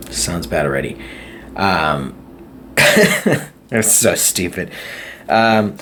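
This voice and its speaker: Deep-voiced man rambling through a podcast. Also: slow pace, gravelly, pauses often, fairly bright tone, a little hiss or hum. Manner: rambling, chatty, laughs at his own stories. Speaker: podcast host. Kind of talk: casual solo podcast storytelling.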